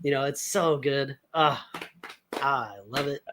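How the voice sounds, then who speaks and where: Excitable, bright-voiced man swearing freely. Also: mid-range voice, slow pace, a little hiss or hum. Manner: laughs often. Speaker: podcast co-host. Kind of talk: casual chat.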